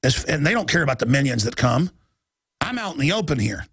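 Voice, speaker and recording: A middle-aged man hosting a political talk radio show, ranting urgently and reading headlines aloud in quick bursts. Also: medium pitch, very animated, a bit bright, slightly rough. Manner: urgent, alarmed, rapid-fire ranting.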